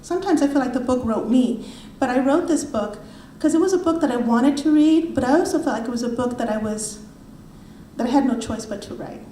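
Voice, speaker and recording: A woman's voice: high-pitched, fairly quick, echoey room, a little hiss or hum, poor audio. A middle-aged woman presenting her book to an audience in a university library, telling stories and acting out the people she quotes. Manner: storytelling, animated, acts out quoted voices. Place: university library event room.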